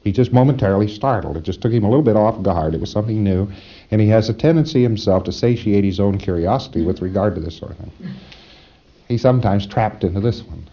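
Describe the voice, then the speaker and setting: A man's voice: lowish voice, fast talker, dull audio. Man giving a wry lecture on old tape. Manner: folksy, wry, chuckles often, acts out dialogue. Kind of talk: recorded lecture to trainees.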